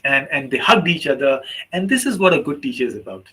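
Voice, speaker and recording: A man's voice: medium pitch, quick pace, husky, low-quality recording. A man giving a teachers' workshop talk as a trainer, telling a long story and acting out the voices of the people in it. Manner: animated storyteller, acts out quoted voices.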